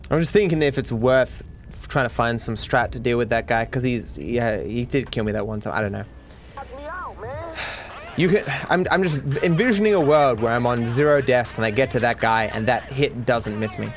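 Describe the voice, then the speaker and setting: A man's voice: mid-range voice, moderate pace, faint music behind. Anxious Australian man narrating gameplay. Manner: anxious, stammering, swings into panicked outbursts. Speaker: video game streamer. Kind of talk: live gameplay commentary.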